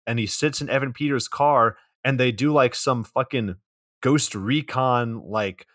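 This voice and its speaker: A man's voice: mid-range voice, unhurried, fairly bright tone, no room sound, clean studio sound. A man co-hosting a podcast, walking through a movie's plot in a matter-of-fact way with casual swearing. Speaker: podcast co-host.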